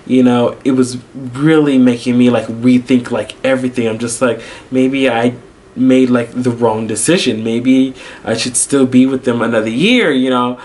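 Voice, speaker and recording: A young man, an English teacher, telling a personal story in a casual vlog, animated and full of fillers, acting out his own reactions. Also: medium pitch, moderate pace. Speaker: vlogger, English teacher abroad.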